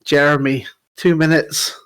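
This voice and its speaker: A man's voice: a little high, little pitch movement, a little slow, a bit bright, clean tone. A man co-hosting a sports podcast, laughing easily and setting up questions like a presenter. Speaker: podcast co-host. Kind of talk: casual sports podcast chat.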